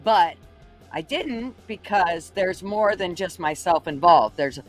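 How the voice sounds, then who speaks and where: A man's voice: sits high, lively intonation, slow, soft background music. A man in a casual live chat, speaking earnestly and reflectively, with some swearing.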